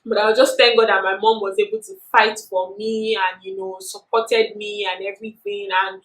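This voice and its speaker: A woman's voice: mid-range voice, moderate pace. Chatty Nigerian woman, echoey room. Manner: animated, chatty, with many "you know" fillers. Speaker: vlogger. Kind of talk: casual storytelling.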